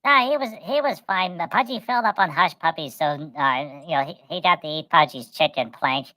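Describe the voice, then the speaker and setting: A middle-aged woman telling a long, rambling story in casual chat. Her voice is fairly low but bright and forward. The sound is dry and close. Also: brisk, no echo, low-quality recording. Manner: rambling, animated, acts out voices. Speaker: co-host.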